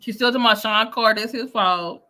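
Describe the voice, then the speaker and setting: Bright-voiced incredulous woman commentator. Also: fairly high pitch, quick pace, low-quality recording. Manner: animated, incredulous reactions. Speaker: commentary host. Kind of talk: casual commentary.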